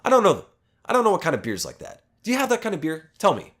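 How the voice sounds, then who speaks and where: Give me a man impersonating an obnoxious bar patron, high-pitched, whiny and demanding. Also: huge pitch swings, racing, full character voice. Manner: whiny, pushy, repeats demands. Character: loud obnoxious insecure adult man at a bar.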